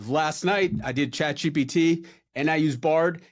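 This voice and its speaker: A podcast host who works as a wealth advisor speaks in a fairly high, unhurried voice. In this podcast interview he explains ideas to his listeners in an easygoing, conversational manner.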